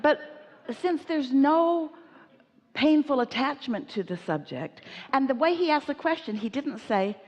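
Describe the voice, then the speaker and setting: A woman's voice: high-pitched, expressive, unhurried, a little mellow. Emphatic woman speaking in a reverberant hall. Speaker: speaker answering audience questions. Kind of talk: inspirational seminar talk.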